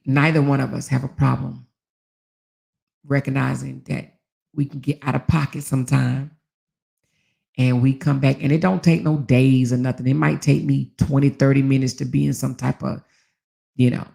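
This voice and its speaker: A woman hosting a casual talk channel, telling stories to her viewers with animated delivery, frequent laughs and casual swearing, acting out the lines she quotes. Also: extremely low pitch, creaky. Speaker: host.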